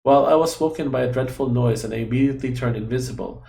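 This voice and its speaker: A man speaks fast as a small, fretful female game guardian who is childlike, eager to please, and talks about herself in the third person with broken grammar. His mid-range voice is warm, natural, and gravelly, with a slight hiss or hum from an echoey room.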